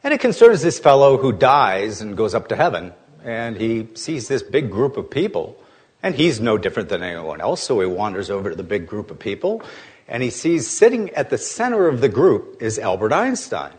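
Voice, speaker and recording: Animated man telling stories about investing. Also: lowish voice, normal speed. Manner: animated, joking, conversational. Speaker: investment speaker. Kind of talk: anecdotal talk to an audience.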